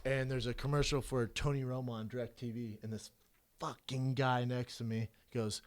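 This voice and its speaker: A man's voice: mid-range voice, fairly even intonation, normal speed. A man co-hosting a podcast, chatting bluntly and casually with plenty of swearing. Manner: blunt, profane, laid-back banter. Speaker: podcast co-host. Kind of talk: casual chat.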